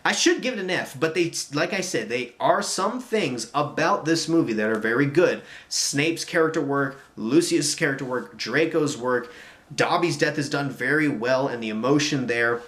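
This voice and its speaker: A man giving a casual movie review, animated and exasperated, restarting and repeating himself when worked up. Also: medium pitch, moderate pace.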